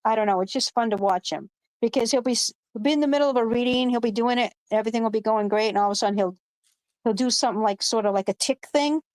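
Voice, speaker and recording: A woman's voice: fairly high pitch, fast, a little mellow, no room sound. A woman hosting a live online panel in casual chat, rambling and emphatic, swearing freely. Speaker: panel host. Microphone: video call.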